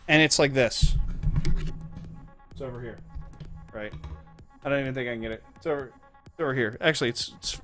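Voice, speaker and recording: A young man streaming live, ranting and telling stories in a casual, profane, animated way. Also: mid-range voice.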